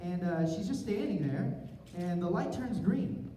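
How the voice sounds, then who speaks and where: A man telling a comic story at a convention panel, animated and self-mocking, acting out his own inner thoughts. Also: high-pitched, a little slow. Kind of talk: comic storytelling to a live audience. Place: large convention hall. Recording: roomy hall from far off, crowd noise. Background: audience laughter and murmur.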